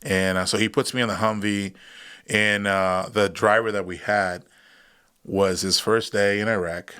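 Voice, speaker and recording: A man's voice: on the low side, flat delivery, a little slow, pushed and bright, clear, resonant tone. A man in his thirties, a guest on a podcast, telling a war story in a casual way, acting out voices and laughing often. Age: 30s. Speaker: guest, combat veteran.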